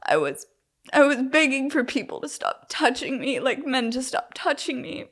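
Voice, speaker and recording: A woman's voice: high voice, sing-song, normal speed, a bit bright. A young woman interviewee telling her own story candidly, rambling with lots of "like" fillers and restarts. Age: young adult. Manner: open and emotionally frank.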